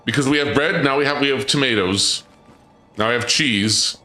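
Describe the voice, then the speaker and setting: Male livestreamer, stammering, excitable chat banter, sharp voice, faint game music behind. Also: normal speed, roomy sound. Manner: excitable, stammering, jumps high in pitch when surprised. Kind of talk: live-stream chat banter.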